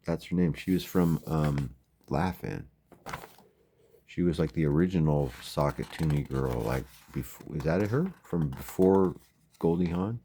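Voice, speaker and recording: A man's voice: very deep voice, measured pace, dark tone, a little hiss or hum. A man giving rambling, wry late-night commentary at home as a vlogger. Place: home at night, windows open.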